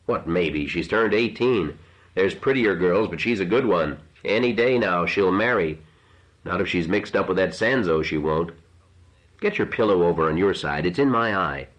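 A blunt, grumbling working father from a read-aloud novel, voiced by a man. He talks in a very low voice. The recording is dull and lo-fi. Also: expressive, moderate pace, a bit bright. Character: gruff middle-aged working father, blunt.

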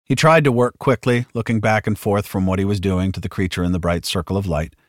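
A man reading an audiobook with dramatic narration, shouting the characters' lines at full force. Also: on the low side, a little fast, dry recording, clean studio sound.

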